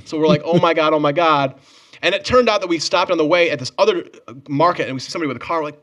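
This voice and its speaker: Young male co-host, brisk animated storyteller, voice sits a little high. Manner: fast animated storytelling, acting out the people in his stories. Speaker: podcast co-host. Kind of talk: casual chat.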